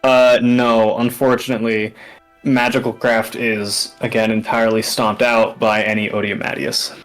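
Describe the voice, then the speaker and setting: A man's voice: fairly low pitch, level tone, moderate pace, a bit bright, faint music behind, low-quality recording. A man narrating a tabletop game as game master, rambling with many fillers.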